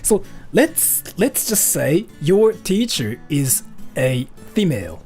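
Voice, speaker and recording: A speaker from Japan, chatting casually on a livestream while reading donations, lively and giggly. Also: medium pitch, slow pace, faint music behind. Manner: animated and giggly, peppered with "like" and "freaking".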